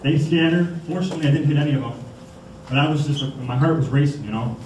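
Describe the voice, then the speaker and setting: A young man from Michigan giving an animated storytelling talk to schoolchildren in a school hall. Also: on the high side, fast talker, a little hiss or hum. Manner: animated, acts out voices. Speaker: motivational speaker. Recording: echoey hall from far off.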